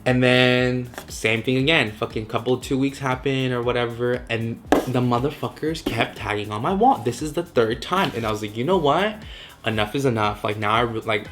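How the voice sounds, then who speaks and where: A man's voice: mid-range voice, normal speed, hardly any pauses, noisy background. Swearing twenty-something guy telling a story. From Southern California. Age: 20s. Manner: swears constantly, fillers like "like", mixes in Spanish; animated, acts out his own reactions in quotes. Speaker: vlogger. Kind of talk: casual storytime vlog.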